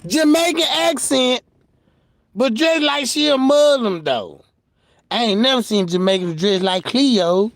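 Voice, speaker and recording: A man's voice: very high-pitched, a little slow, no room sound, clean studio sound. A man giving joking, mocking commentary in slangy talk, breaking into laughter and slipping into mock voices for his punchlines. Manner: slips into mock voices for jokes. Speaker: commentary streamer.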